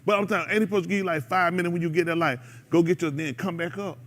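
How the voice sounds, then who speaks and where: A man's voice: high voice, very fast. A man, hosting a radio show and preaching casually to a group in an exhorting way. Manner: animated, exhorting, breaks into laughter and mimicry.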